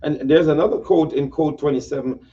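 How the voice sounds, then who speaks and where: A man's voice: a little high, brisk, mellow. A man hosting an interview, a preacher who affirms his guest and echoes the guest's phrases back. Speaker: podcast host and preacher. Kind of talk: casual interview chat. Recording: dull, distant sound.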